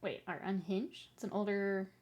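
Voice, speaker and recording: As she paints miniatures, this streamer chats casually with viewers in a mid-range, slightly mellow voice at a moderate pace with fairly even intonation. She's playful and rambling, pokes fun at herself and keeps breaking into giggles.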